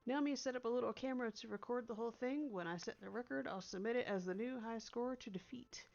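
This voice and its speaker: A woman's voice: on the high side, quick pace, gravelly, darkish tone, highs cut off. A woman voicing a polite, earnest young man in a game, trying a formal British-flavored delivery.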